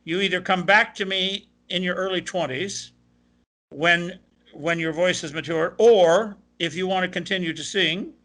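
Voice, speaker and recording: Bright older man recounting stories. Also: high voice, unhurried. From Ohio, USA. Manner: animated anecdotal, quoting others. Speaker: guest, opera tenor. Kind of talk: interview storytelling.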